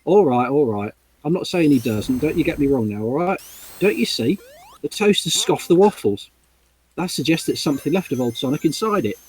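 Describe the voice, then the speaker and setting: A man reading aloud and voicing a cheeky young male sidekick with a put-on Cockney accent, chummy and excitable. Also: a little high, fairly quick, a little hiss or hum, close to an everyday voice. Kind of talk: storybook read-along.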